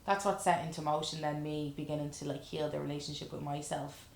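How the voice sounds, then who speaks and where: A woman's voice: sits low, level tone, a little fast, vocal fry, slight background noise. A woman life coach talking earnestly and frankly in a casual chat, reflecting and swearing now and then. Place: room in a lash salon. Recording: roomy echo.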